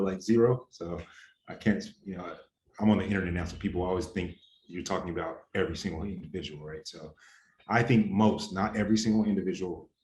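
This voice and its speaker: A young adult man, an interview guest, answers questions in an earnest, heated, casual manner packed with slang. His voice sits low with a darkish tone. The recording has a roomy echo, faint ambience, and slight background noise.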